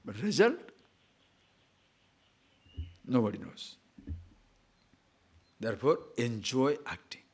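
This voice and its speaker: A man lecturing on scripture as a spiritual teacher, chanting Sanskrit verses and acting out examples, swinging between loud and hushed. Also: medium pitch, sing-song, a little slow, slightly rough.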